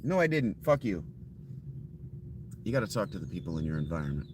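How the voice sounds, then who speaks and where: Male gaming streamer, deep-leaning voice, deadpan profane chatter over steady background noise. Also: brisk. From Ohio. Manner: dry, offhand, profane. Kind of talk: casual live game commentary.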